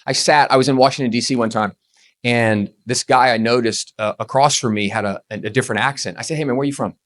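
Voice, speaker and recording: A man giving a motivational presentation on real estate tax strategy, with a punchy, emphatic, rapid-fire delivery. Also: medium pitch, fairly even intonation.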